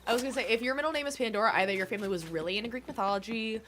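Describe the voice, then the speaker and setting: A woman's voice: a little high, rapid-fire, fairly bright tone, a little hiss or hum. A young woman streaming a game, chatting casually and answering her chat, with a stuffy nose. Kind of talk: casual chat while gaming.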